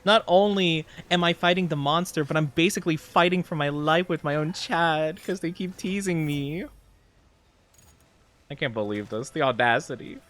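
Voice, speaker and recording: Over a slight hiss or hum, a young man with a fairly high voice plays a game on stream and jokes around with his viewers. Playful and easily excited, he responds loudly to chat messages in a relaxed, casual way.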